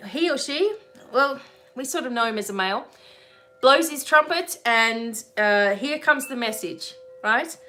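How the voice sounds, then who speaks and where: A woman's voice: a little high, sharp tone. A woman hosting a spiritual webinar in a casual, chatty teaching style, laughing often and checking in with "right?".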